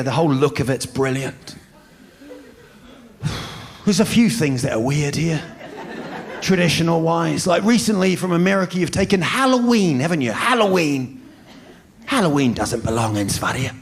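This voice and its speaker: A New Zealand man in his fifties doing a stand-up comedy set, telling stories in an animated way and shouting when he does impressions. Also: on the high side, gravelly. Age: 50s. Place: large venue with a live audience. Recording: live stage recording with crowd and noise.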